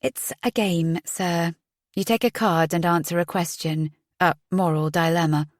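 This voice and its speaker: A woman's voice: on the low side, steady tone, unhurried, dry recording, clean studio sound, close to an everyday voice. A woman voicing a polite female police constable explaining something plainly.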